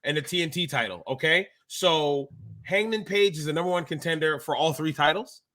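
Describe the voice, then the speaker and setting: A man with a bright, forceful voice pitched a little high rants as a worked-up fan. He co-hosts a podcast in casual chat, and his talk is emphatic and exasperated. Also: brisk. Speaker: wrestling podcast co-host.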